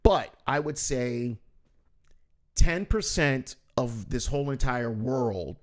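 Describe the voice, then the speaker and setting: Casting: middle-aged male comedian host, relaxed chat, animated storyteller who acts out quotes loudly. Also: medium pitch, takes it slowly. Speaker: podcast host and stand-up comedian. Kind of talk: casual conversational chat.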